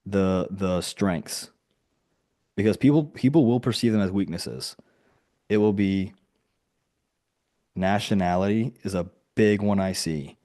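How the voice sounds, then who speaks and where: Guy w a lowish voice coaching folks on a video call, chatty, says like a lot. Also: warm tone. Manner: casual and conversational, full of "like" and quoted dialogue.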